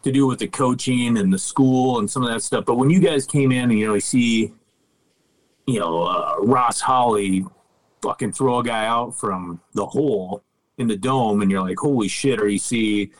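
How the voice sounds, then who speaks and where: A man's voice: medium pitch, normal speed, rough recording. A middle-aged man, a podcast guest, casually telling stories, laid-back, swearing freely and laughing as he goes. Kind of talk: casual storytelling.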